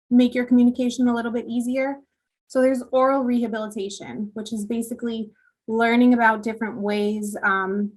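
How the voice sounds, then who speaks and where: A woman audiologist giving a virtual presentation, explaining hearing tests and devices in a plain tone with frequent ums and you knows. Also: mid-range voice. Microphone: computer mic on a video call.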